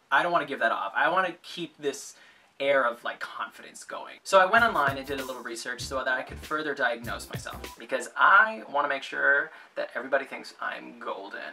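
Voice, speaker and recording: A man's voice: mid-range voice, pushed and bright. A man telling a comic vlog monologue in a playful, self-mocking way. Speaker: vlogger. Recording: distant mic with music behind.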